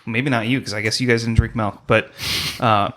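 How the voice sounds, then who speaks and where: A man's voice: medium pitch, steady tone, fairly quick, fairly bright tone. Podcast co-host guy, jokey, agrees a lot, chatty. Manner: agreeable, joking, backs up the others. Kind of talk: casual podcast chat.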